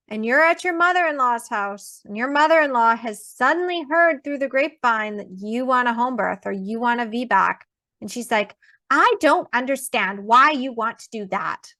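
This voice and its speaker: A woman's voice: a little high, fairly bright tone, no echo, studio quality. Emphatic woman teaching birth planning. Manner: emphatic, conversational, acts out quoted people. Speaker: birth educator. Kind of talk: online class, casual teaching.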